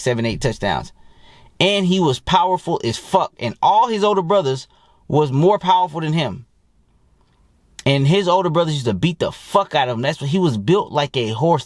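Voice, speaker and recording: A man's voice: on the high side, no room sound, clean studio sound. Blunt, foul-mouthed man rambling. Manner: blunt, heavily profane, rambling storyteller. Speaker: dating coach. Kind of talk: casual profane monologue to camera.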